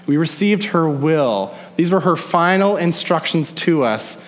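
Young pastor, man, conversational sermon, drawn-out emphasis, echoing hall sound. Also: fairly high pitch, expressive. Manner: conversational preaching, stretches key words slowly. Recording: long hall reverb.

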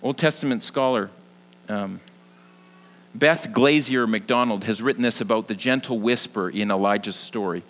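A young man preaching a sermon as pastor, earnest, moving between lively emphasis and hushed, soft passages. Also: lowish voice, normal speed, rough recording.

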